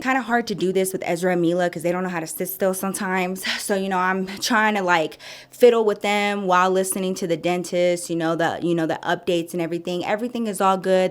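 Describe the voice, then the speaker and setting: A woman in her thirties telling a story to her viewers in a chatty, sassy way, calling them girl and y'all. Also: lowish voice. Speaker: storytime vlogger.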